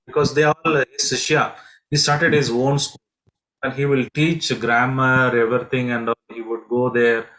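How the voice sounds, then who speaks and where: Man, halting storyteller. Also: mid-range voice, a bit bright, poor audio. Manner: halting, with many fillers and restarts. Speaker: pilgrimage guide and teacher. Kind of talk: devotional storytelling lesson.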